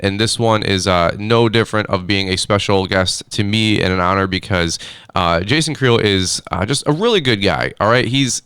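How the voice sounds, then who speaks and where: A man's voice: on the low side, fairly bright tone, clear, resonant tone, no room sound, clean studio sound. A man hosting a podcast, chatting casually and upbeat with a guest, with lots of fillers and restarts. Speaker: podcast host. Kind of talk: casual interview chat. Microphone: on a phone call.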